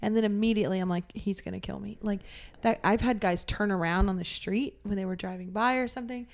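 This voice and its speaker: A young woman talking casually with friends, blunt and foul-mouthed. She tells stories with lively put-on quotes, at an even, ordinary pitch. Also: fast talker. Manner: blunt, swears freely, acts out quotes. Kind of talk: casual chat.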